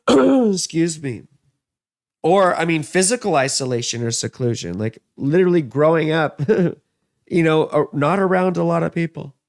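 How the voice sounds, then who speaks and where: A man's voice: fairly high pitch, lively intonation, a little slow, dry recording, clean studio sound. A man in his thirties giving a casual, rambling astrology and tarot reading, full of asides and fillers.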